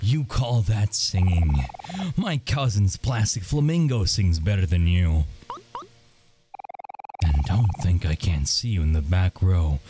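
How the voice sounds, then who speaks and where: A man's voice: deep voice, background noise. A man reading as a fussy scolding choir-leader mole.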